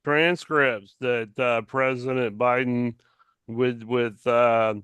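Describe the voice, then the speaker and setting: Man, very slow talker, smooth clear voice, dry sound, casual chat. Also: mid-range voice, steady tone, a bit bright, no room sound, muffled recording.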